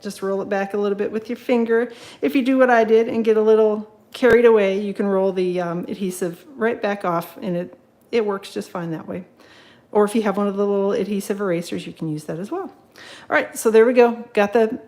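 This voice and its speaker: A woman's voice: medium pitch, darkish tone, poor audio. Woman hosting a live home craft demo, casual and chatty, lots of ums. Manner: chatty, with many ums, greets viewers while working. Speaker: craft demonstrator. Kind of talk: live card-making tutorial.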